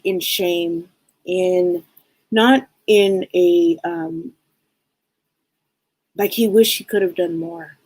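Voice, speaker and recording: Husky low-voiced woman giving heartfelt readings. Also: mellow, no room sound, low-quality recording. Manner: heartfelt, rambling, many restarts. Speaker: psychic reader, host of a live show. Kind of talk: live-stream psychic readings, casual chat.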